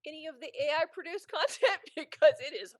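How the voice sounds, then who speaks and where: A woman's voice: high voice, brisk, dry recording. A woman co-hosting a podcast in casual chat, wry and blunt in her opinions. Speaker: podcast co-host.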